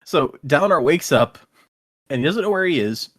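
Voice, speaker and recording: Animated male podcast co-host. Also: fairly high pitch, moderate pace. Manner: lively, animated retelling. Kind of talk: casual chat recapping a book.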